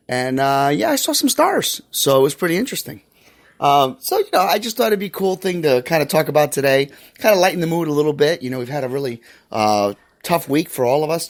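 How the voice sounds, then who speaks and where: A man in his thirties hosts his own podcast and tells a funny story about home life. He talks in a loose, rambling way, full of fillers and restarts. His pitch and tone sit in an ordinary middle range for a man. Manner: chatty, rambling, with many fillers. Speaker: podcast host. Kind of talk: casual storytelling monologue.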